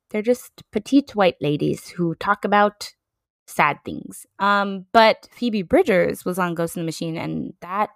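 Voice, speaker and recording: A woman hosting a casual solo podcast, chatting in an animated, playful way with joking asides to herself. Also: mid-range voice, dry recording, studio quality. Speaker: podcast host.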